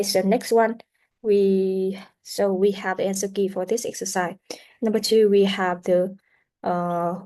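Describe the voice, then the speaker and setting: A woman teaching English pronunciation in a recorded lesson, explaining slowly with many "uh" fillers and modeling words for students to repeat. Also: mid-range voice, mellow. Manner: slow, explanatory, with frequent "uh" fillers; models sounds and words for repetition. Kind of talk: recorded classroom lecture.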